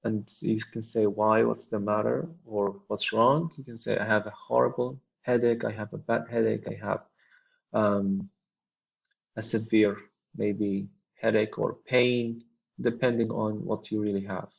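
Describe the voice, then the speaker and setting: Low gravelly man teaching English. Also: fairly even intonation. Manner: reads example lines then explains them slowly, with many ums. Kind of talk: explaining a textbook dialogue. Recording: dull lo-fi recording.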